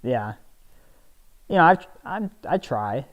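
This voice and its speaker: A man's voice: mid-range voice, very animated. Rambling young man in casual chat. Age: young adult. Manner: rambling, halting, full of restarts and fillers. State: a little spacey. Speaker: podcast co-host. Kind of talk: casual chat while gaming.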